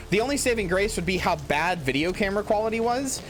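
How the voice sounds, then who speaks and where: A man's voice: high-pitched, quick pace, few pauses, a little hiss or hum. A man streaming a game in casual commentary, rambling with many fillers and swearing into a headset mic.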